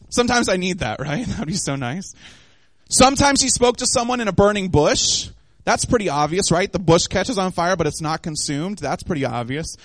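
A man with a high, very lively voice delivers a sermon, acting out the voices of the characters. The sound is dry and close, with no room around him. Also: brisk, no echo. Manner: animated, acts out voices of the disciples and of God. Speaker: preacher.

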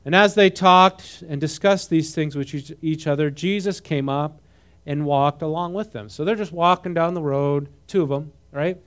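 A man with a fairly high speaking voice leads a conversational sermon. He moves between reading scripture and lively comments of his own, often checking in with his listeners. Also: moderate pace, hardly any pauses, clear, resonant tone. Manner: animated, asks the audience questions, mixes reading with comment. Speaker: preacher teaching a Bible passage.

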